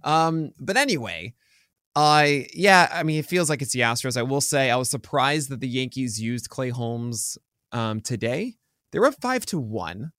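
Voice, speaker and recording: A man's voice: medium pitch, animated, normal speed, a bit bright, no echo, clean studio sound. A man co-hosting a baseball podcast, talking casually and rambling with many ums and restarts. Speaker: podcast co-host. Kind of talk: casual sports chat.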